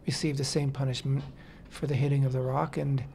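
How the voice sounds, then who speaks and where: A man co-hosting a Torah discussion on talk radio, speaking in a measured, hesitant way with frequent fillers. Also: mid-range voice, flat delivery, gravelly, dark tone, a little hiss or hum. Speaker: radio co-host.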